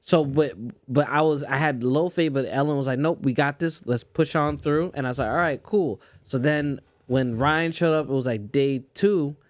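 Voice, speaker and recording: A young adult man co-hosting a casual group chat, talking in a relaxed, rambling way with frequent restarts. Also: a little high, moderate pace, few pauses. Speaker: podcast co-host.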